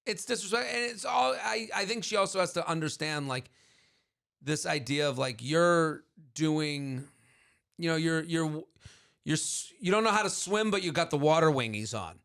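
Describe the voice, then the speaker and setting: A man's voice: on the high side, animated, moderate pace, creaky, fairly bright tone. A man co-hosting a podcast in casual chat, blunt and joking. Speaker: podcast co-host.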